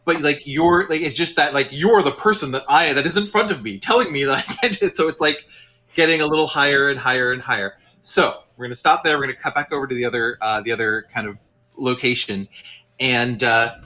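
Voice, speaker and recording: Bright-voiced man running a tabletop game. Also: a little high. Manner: rambling, filler-heavy narration. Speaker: game master.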